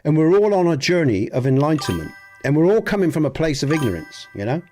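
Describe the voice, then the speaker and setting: Faint music runs under a mellow, slightly high male voice that is very animated and quick. He's an English streamer with a Southwest Dorset accent, earnestly rambling to viewers mid-game, often restarting his thoughts and cursing mildly.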